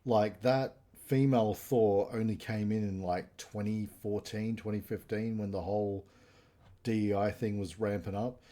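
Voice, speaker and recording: A man with a lowish voice talks through comic-book history in a loose, rambling way. His tone is mellow and relaxed rather than bright. It sounds like unscripted casual chat on a live review stream. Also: measured pace. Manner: rambling storyteller, retelling comic plots animatedly.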